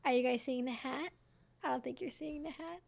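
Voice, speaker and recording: A woman's voice: sits high, fairly quick, gravelly, darkish tone. A young woman hosting a casual livestream from home on a desk mic, talking emphatically and cooing at her pet. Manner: emphatic, chatty, doting baby talk to her pet. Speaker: streamer host. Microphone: desk microphone.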